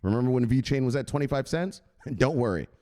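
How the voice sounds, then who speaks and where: A man hosting a crypto channel, chatting excitedly and profanely, who shouts out exclamations and then drops to low mutters. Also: fast talker. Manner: swings between loud bursts and low mutters. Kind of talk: excited unscripted livestream chat.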